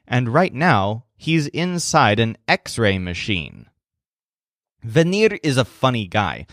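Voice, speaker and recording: Male teacher narrator, lively intonation, unhurried scripted delivery. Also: medium pitch, no room sound, clean studio sound. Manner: slow, deliberate storytelling. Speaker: language teacher.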